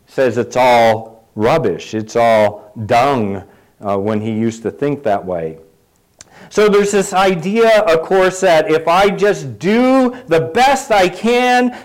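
A man's voice: on the high side, low-quality recording. A middle-aged man preaching a sermon in a conversational way, putting questions to the congregation and adding light asides. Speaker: pastor.

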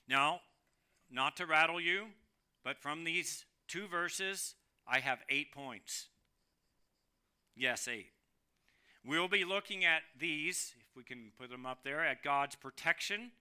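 A man's voice: a little high, bright, forceful tone, smooth. A man preaching a sermon, with emphatic rises and sudden drops in volume. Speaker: pastor.

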